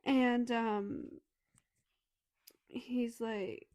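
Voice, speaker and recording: A woman co-hosting a casual book podcast, retelling a story's scenes with lots of swearing and quick acted-out dialogue. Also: mid-range voice, no room sound. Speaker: podcast co-host. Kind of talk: casual book review chat.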